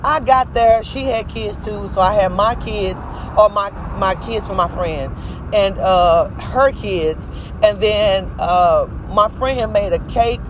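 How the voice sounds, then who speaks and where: A man's voice: sits high, slow pace, background noise. A man in his twenties telling a personal story in a casual vlog, emphatic, preachy and full of profanity. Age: 20s. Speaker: vlogger. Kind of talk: casual testimony monologue.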